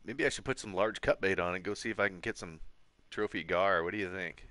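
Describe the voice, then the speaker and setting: A man's voice: deep voice, brisk, pushed and bright, dry recording. A man chatting casually while live-streaming a fishing game, joking and laughing often. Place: home room.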